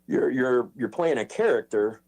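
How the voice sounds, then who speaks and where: A man's voice: medium pitch, lively intonation, normal speed, darkish tone. A man streaming a heated online argument, taunting and insulting the other speaker in a mocking tone.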